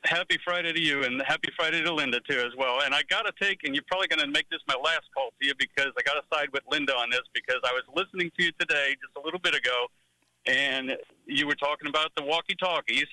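A man's voice: fairly high pitch, fast talker, pushed and bright, no room sound, low-quality recording. A man from Pennsylvania calling in to a radio show, chatty and teasing. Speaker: caller. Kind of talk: phone call to radio show.

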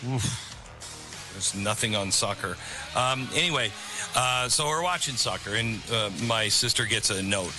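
A man's voice: lowish voice, expressive, a little slow, over music. A man hosting a talk radio show, talking casually with lots of fillers and restarts and mocking others with sarcastic quotes. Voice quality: conversational, many fillers and restarts. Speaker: radio host. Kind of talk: talk radio monologue with read ad. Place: studio on a ranch.

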